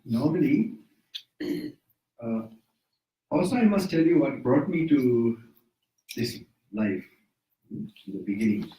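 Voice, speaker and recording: Sri monk speaking, roomy and distant. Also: male voice, medium pitch, lively intonation, takes it slowly, long pauses, mellow. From Sri Lanka. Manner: loose, self-correcting, chuckles often. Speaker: Buddhist monk teacher. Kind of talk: informal dharma talk. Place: indoors at a private residence. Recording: roomy sound, mic at a distance.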